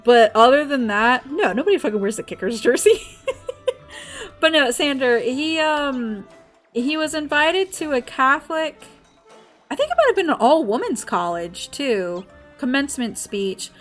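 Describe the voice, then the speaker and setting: Give me a young woman ranting casually on a game stream with a lively, bouncing pitch. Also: unhurried, soft background music. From Southern United States. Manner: animated, laughs often and swears freely. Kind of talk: casual chat while gaming.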